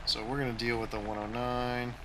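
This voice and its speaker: A man's voice: mid-range voice, level tone, brisk, background noise. A man hosting his own gaming channel, giving a casual, tactical play-by-play of his flight game as he plays.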